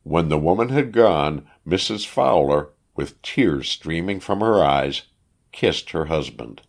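A male narrator reads an old story aloud in a very deep voice. He takes his time, and his pitch moves expressively through each sentence. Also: animated, slow. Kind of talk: audiobook narration.

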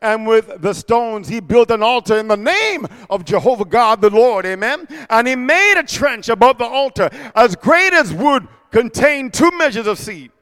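A man preaching a sermon in a sing-song cadence, reading scripture and breaking into shouted, mocking asides with frequent "amen". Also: very high voice, big pitch swings, moderate pace, hardly any pauses, clean tone, in a large hall.

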